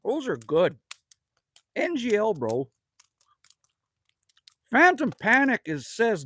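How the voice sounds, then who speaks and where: His high-pitched voice swoops wildly in pitch; he talks slowly, pausing often, with a sharp tone and a breathy edge. The man, a livestream host from Manitoba, Canada, is indoors at a cabin with a wood stove, casually rambling, joking and reading chat messages aloud.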